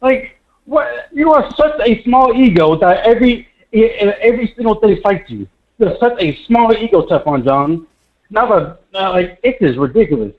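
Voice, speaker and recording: A young man calling in to a sports show, ranting, stuttering in his anger and breaking into near-shouts. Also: lively intonation, normal speed. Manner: frantic, stuttering, pitch leaping into shouts. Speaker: caller. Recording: dull lo-fi call audio.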